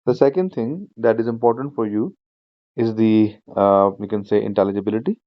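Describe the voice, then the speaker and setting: A man with a voice on the low side teaches an online speaking-skills class, explaining each point slowly and repeating himself, with lots of fillers like "you know." The shared-screen video class audio is dull, with no room sound.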